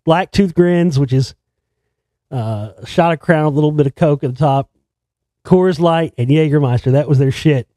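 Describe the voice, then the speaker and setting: Brief: male storyteller, raised pitch, dry close sound, loose and profane, keeps restarting. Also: moderate pace, warm tone, no room sound. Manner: profane, rambling, with many restarts. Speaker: filmmaker telling a story. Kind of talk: casual storytelling.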